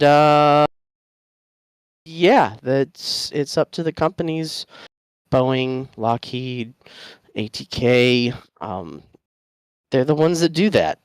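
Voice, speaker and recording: A man with a smooth, resonant voice talks casually on a podcast panel. He rambles and stops to restart himself often, and the mic sound is dry and close. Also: medium pitch, dry recording. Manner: rambling, halting with many fillers and restarts. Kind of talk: casual chat.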